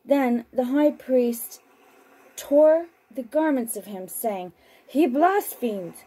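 A woman slowly reading scripture aloud as host of a home broadcast, then chatting on the phone. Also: sits high, expressive, mellow, breathy edge, poor audio. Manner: slow, deliberate reading; chatty and laughing on the phone.

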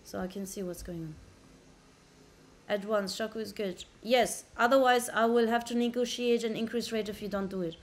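A woman's voice: medium pitch, moderate pace. A woman livestreaming casually on a laptop mic, brash and profane, bickering with her chat. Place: indoors at a laptop.

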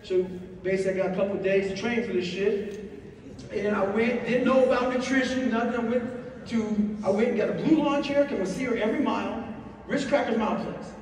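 Profane high-voiced man in an echoey hall. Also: brisk. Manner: profane, blunt, animated storytelling. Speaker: speaker. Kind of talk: live storytelling talk. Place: large hall before an audience. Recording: echoey hall from far off, faint noise.

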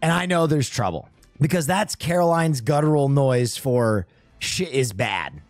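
A male streamer telling a story in casual chat, animated and profane, acting out sounds. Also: mid-range voice, a little slow, dry recording, faint music behind.

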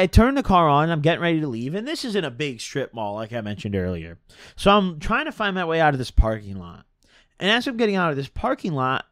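A young man streamer telling a story in a rambling, slangy, animated storytime style. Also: a little high, no room sound, studio quality. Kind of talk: casual storytime.

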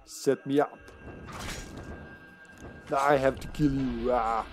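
A man's voice: medium pitch, fairly even intonation, slow pace, faint music behind. A man casually commenting on his live gameplay, laughing often, taunting enemies and slipping into a put-on Austrian action-hero accent. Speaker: streamer.

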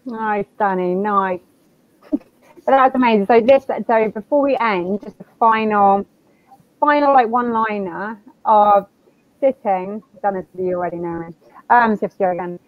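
A woman hosting a panel talk, friendly and quick to laugh. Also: mid-range voice, no room sound. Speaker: host, co-founder. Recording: tinny phone-like line, dry.

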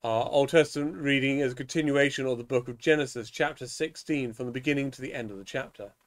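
A man at a middling pitch leads evening prayer. He reads psalms and a scripture passage in a measured, solemn liturgical manner. Now and then he trips over a word and starts it again. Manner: measured, solemn reading with small stumbles. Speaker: minister leading evening prayer.

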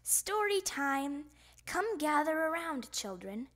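A woman's voice: high-pitched, very animated, slow, a bit bright, full character voice. A woman voicing a prim, patient female otter librarian who corrects children politely in a storybook. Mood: inviting.

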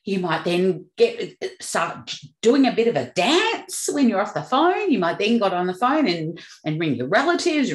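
A woman's voice: medium pitch, measured pace. A woman hosting a motivational talk, upbeat and acting out everyday examples. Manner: upbeat, acts out examples with animated shifts. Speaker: podcast host. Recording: echoey room.

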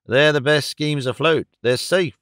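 Casting: terse, emphatic rent collector, smooth dry voice, read by a man. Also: fairly high pitch, measured pace, a bit bright, no room sound. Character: blunt snorting male rent collector.

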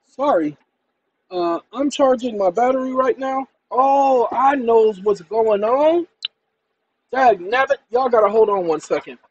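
A man's voice: very high voice, measured pace, dull audio, a little hiss or hum. A man hosting his own channel, talking to viewers in an emphatic, combative, colloquial monologue. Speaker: channel host.

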